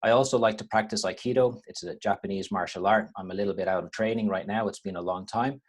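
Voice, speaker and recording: A man in his thirties with an Irish accent, giving a relaxed webinar talk on a video call, with frequent restarts. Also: fairly low pitch, fast talker. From Ireland. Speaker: university lecturer.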